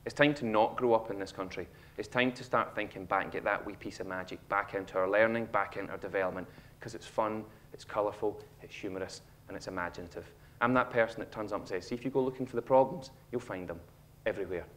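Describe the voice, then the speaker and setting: Lively Scottish man giving a stage talk. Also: fairly low pitch, fast, few pauses, slight background noise. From Scotland. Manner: animated storytelling, acts out a child's lines. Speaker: speaker. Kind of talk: humorous motivational talk. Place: auditorium stage.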